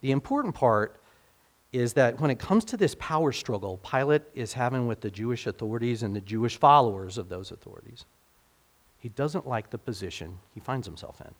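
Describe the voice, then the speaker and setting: A man preaching a casual, conversational sermon, asking his listeners questions and acting out the people in the passage. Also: mid-range voice. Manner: casual, talks to the congregation directly with rhetorical questions; acts out quoted speakers in dialogue.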